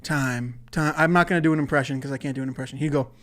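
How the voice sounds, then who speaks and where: A man's voice: a little high, fairly even intonation, very fast, fairly bright tone. Rambling, profane comedy-podcast man. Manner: rambling, profane, self-interrupting. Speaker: podcast host. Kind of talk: casual solo comedy podcast.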